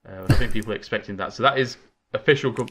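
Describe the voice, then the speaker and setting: A man hosting a casual gaming podcast, talking in an excitable, chatty, rambling way into a desk microphone. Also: medium pitch, very fast, a little hiss or hum. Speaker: podcast host.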